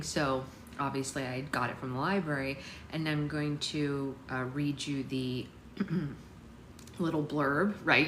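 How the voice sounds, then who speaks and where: A woman's voice: sits low, steady tone, measured pace, fairly bright tone. Chatty woman hosting a book club livestream. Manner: chatty, greets viewers by name. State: hiccups. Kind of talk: casual livestream chat and read-aloud. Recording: echoey room with faint noise.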